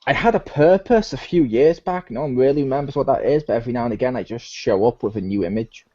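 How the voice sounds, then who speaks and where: A man's voice: medium pitch, fast talker, mellow, no echo, highs cut off. A man hosting a casual gaming podcast, joking and laughing as he rambles. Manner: jokey, laughs often, rambling. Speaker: podcast host. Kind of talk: casual chat.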